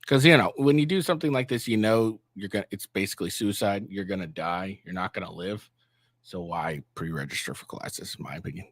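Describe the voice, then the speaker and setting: A man's voice: low-pitched, a little fast, no room sound. A man giving casual reaction commentary on his vlog, rambling with fillers and sarcastic asides. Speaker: commentary vlogger.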